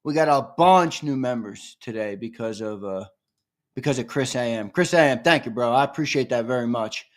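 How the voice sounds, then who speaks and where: A man hosting a casual live-stream sports fan show, chatting with viewers and breaking into loud, excited hollers. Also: medium pitch, moderate pace.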